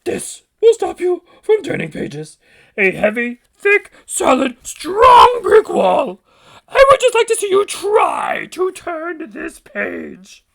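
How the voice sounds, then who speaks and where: A man's voice: extremely high pitch, wildly swooping pitch, measured pace, voice pushed up, heavily acted. A man voicing a lovable, anxious old male furry monster in a children's storybook read-aloud, pleading frantically in formal speech without contractions. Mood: panicked.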